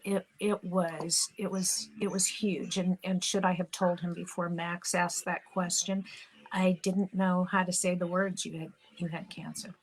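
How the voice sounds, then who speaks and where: A woman's voice: lowish voice, slight background noise, low-quality recording. Candid middle-aged woman telling her story. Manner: candid, gets choked up at moments. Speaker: interview guest, actress and mother. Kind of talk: emotional personal storytelling.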